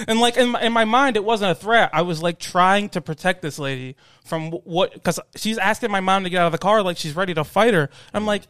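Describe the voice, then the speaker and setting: A man co-hosting a casual podcast, telling an animated story and mimicking voices as he goes. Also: sits high, fairly quick, no room sound. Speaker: podcast co-host. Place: studio basement.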